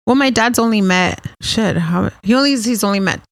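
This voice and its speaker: A woman's voice: mid-range voice, normal speed, no room sound. A woman telling stories as a podcast guest, chatty and swearing freely, laughing often. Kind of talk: casual chat.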